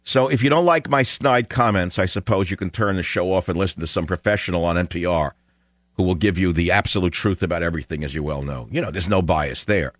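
A man's voice: sits low, quick pace, no room sound, muffled recording. A man hosting a call-in talk radio show, sarcastic, confrontational and mocking toward callers.

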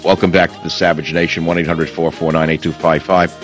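An older talk radio host delivers a monologue and takes calls from a radio studio, emphatic and combative, repeating lines for effect. His low voice barely shifts in pitch and runs fairly quick, with soft music behind and a dry, slightly dull studio sound.

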